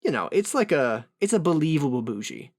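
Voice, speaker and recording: Podcast co-host, slightly high male voice, rambling anecdotes, dead-dry mic. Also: sing-song, fairly quick, dry recording. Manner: rambling storyteller, trailing asides. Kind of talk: casual chat.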